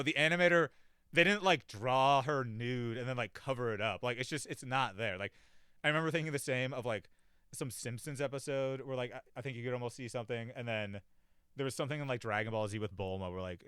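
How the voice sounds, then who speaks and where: Young guy rambling about a cartoon, bright clear voice, bouncy pitch, dry close mic. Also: no room sound. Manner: rambling, lots of "like", swears, mimics characters. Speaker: podcast host reviewing a cartoon. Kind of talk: casual chat.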